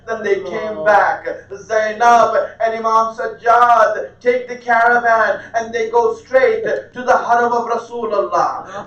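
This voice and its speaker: A man narrating a mourning sermon with deep emotion, weeping and crying out as he speaks. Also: a bit bright. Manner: emotional, breaks into weeping and cries out. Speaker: majlis speaker. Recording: echoey hall, distant dull mic.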